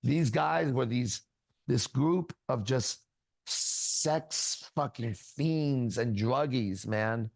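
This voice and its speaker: A man's voice: mid-range voice, very slow, creaky, no echo. A man teaching in a casual spiritual talk, blunt and crude, full of profanity as he tells stories. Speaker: ministry teacher.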